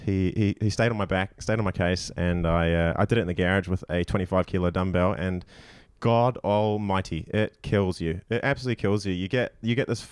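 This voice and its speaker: A man's voice: deep voice, smooth, no echo, studio quality. A man co-hosting a podcast, teasing and emphatic as he chats and breaks down results. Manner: teasing, emphatic, prone to restarts. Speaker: podcast co-host. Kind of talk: casual chat and leaderboard breakdown.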